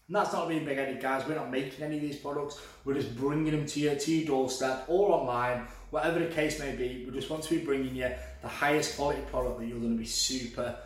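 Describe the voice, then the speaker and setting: A man who owns a shop, chatting enthusiastically on a podcast and repeatedly calling his listeners guys. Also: mid-range voice. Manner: enthusiastic, repetitive, keeps addressing listeners as guys. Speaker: shop owner promoting his store on a podcast. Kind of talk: promotional podcast chat. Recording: echoey room, far from the mic, music behind.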